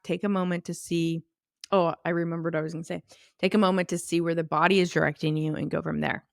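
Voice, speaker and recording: Woman, podcast host, lowish voice, dry close sound, casual explaining. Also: vocal fry, no room sound. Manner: informal, explanatory, teaching tone. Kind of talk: solo podcast monologue.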